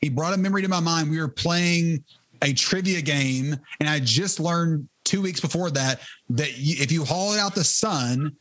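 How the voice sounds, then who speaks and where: A man in middle age tells his story with fervent conviction, his voice sitting a little higher than most men's. He talks conversationally, stumbling and restarting phrases as he goes. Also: moderate pace, a bit bright. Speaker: interview guest, ministry leader. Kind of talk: testimony in conversation.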